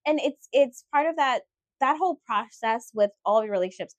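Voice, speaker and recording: A woman's voice: fairly high pitch, lively intonation, a little fast, no room sound. A woman co-hosting a podcast in casual chat, talking candidly and chattily with playful asides. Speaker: podcast co-host.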